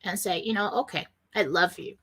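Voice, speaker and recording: Bright-voiced woman radio host. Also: mid-range voice, brisk. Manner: earnest, rambling, quotes panicked voices. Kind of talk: spiritual self-help talk.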